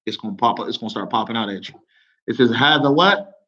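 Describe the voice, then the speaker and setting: A man with an American accent teaching an Arabic lesson to a small class, lively and often checking that everyone follows. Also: mid-range voice, quick pace, dull audio. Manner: lively, mixes English with Arabic reading, checks understanding often.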